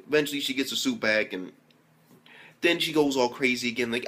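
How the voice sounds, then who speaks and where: A young man, mid-pitched and ordinary in tone, races through a casual anime recap. He talks in excitable bursts packed with slang, swearing and the filler "like". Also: fairly quick. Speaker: anime reviewer.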